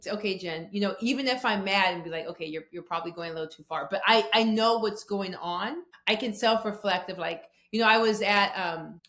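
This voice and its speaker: Animated woman, echoey room. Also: mid-range voice. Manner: animated storytelling with quoted voices. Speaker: guest speaker on conflict. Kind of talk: conversational podcast interview.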